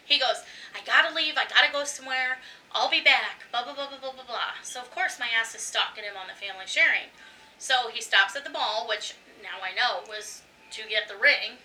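A woman co-hosting a podcast, telling a personal story in casual chat, animated, swearing freely and laughing often. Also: on the high side, a little fast, recorded from a distance, rough recording. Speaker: podcast co-host.

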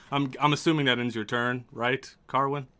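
A man's voice: medium pitch, fairly even intonation, measured pace, pushed and bright, smooth. A man narrating a tabletop game as game master, loose and laughing, with casual swearing.

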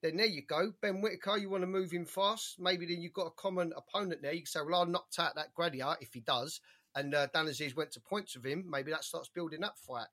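A young man holds forth on boxing in a relaxed podcast chat, high in pitch and bright in tone. There is a husky edge to his voice as he stacks up opinions and reels off lists of fighters. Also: fairly quick. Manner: animated, opinionated, rattles off names. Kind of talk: casual chat.

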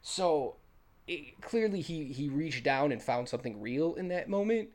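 A man's voice: fairly high pitch, lively intonation, unhurried, darkish tone. A man co-hosting a casual movie recap, retelling scenes with enthusiasm and quoting lines. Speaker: podcast co-host.

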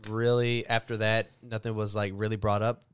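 A man's voice: fairly low pitch, flat delivery, moderate pace, smooth. A man co-hosting a podcast, dropping dry, teasing quips into casual banter. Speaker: podcast co-host.

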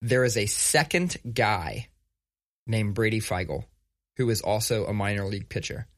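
A man co-hosting a casual podcast, talking in a relaxed, conversational way and telling stories. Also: lowish voice, a little slow. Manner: conversational, reads sponsor plug casually. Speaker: podcast co-host. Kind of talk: casual chat.

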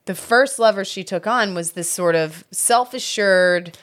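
A woman's voice: mid-range voice, a little slow, fairly bright tone. A woman co-hosting a podcast, chatting casually about movies, fumbling for names and laughing at herself.

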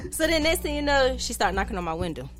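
A woman telling a lively story in casual podcast chat, acting out what people said and swearing freely. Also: sits high, loud music behind the voice. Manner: fast, lively, acts out quoted voices, swears freely.

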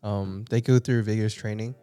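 A man's voice: lowish voice, fairly even intonation, fairly quick, mellow, clear, resonant tone, faint music behind. A man in a casual group chat, telling a rambling story with many fillers.

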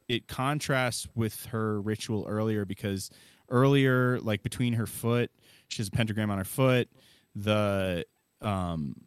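A man's voice: on the low side, clear, resonant tone, dry recording. A man co-hosting a casual film review podcast, explaining symbolism at length with lots of fillers and restarts. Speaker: podcast co-host.

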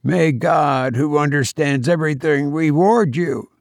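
Man doing a husky old man, frightened, starving, pleading, slow, dry close sound. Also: a little high, no echo. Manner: hushed, pleading and halting.

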